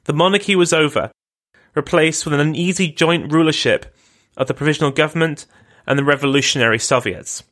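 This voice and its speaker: A man hosting a podcast, giving scripted historical narration in a measured, grave way. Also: fairly high pitch, fairly bright tone. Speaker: podcast host.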